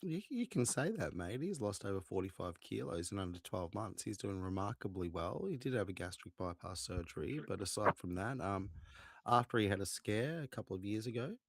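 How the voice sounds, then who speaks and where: A man's voice: fairly low pitch, lively intonation, fairly quick. A man in casual political chat, teasing in a mock-formal bantering way.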